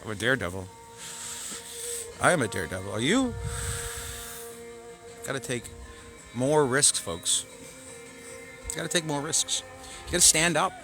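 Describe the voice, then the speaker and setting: A man, hosting his own show and ranting angrily to camera, profane, swinging between shouting and muttering. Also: medium pitch, very animated, unhurried, long pauses, over music. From Canada. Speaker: show host. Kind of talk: angry political rant to camera.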